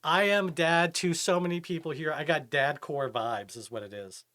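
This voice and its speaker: A man's voice: fairly high pitch, normal speed, few pauses. A man streaming a game live, chatting casually and reading and answering his chat as he plays. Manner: animated, chatty, reads chat aloud.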